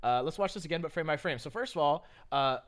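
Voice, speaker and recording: A man's voice: fairly high pitch, lively intonation, fast talker, fairly bright tone. A young man hosting a podcast, chatting casually with loose, profane, joking banter. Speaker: podcast host. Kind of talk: casual reaction chat.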